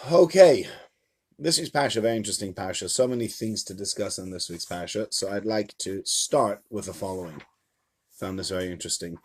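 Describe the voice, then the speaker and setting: A man, a rabbi, teaching a live-streamed Torah lesson to a small audience in a room, in an animated, chatty storytelling manner. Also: fairly low pitch, a little fast, slightly rough. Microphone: camera mic.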